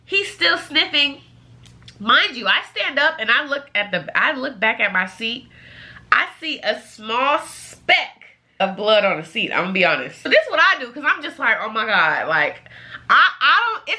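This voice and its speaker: A young woman vlogger telling a casual storytime, animated and slangy, swearing freely and talking straight to her viewers. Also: high-pitched, normal speed. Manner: addresses viewers directly.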